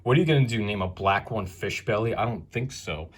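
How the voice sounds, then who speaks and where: In a husky, lowish voice and at a slightly quick pace, a video host leads a relaxed show-and-tell tour. He wanders into rambling asides and cracks crude jokes along the way.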